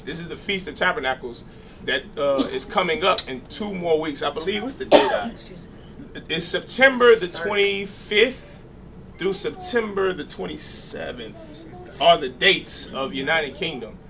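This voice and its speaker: Amid crowd noise in a congregation hall, a man leading a religious class speaks at normal speed with a high-leaning, lively voice. He mixes preaching and announcements with joking asides and call-and-response in a sermon-style address.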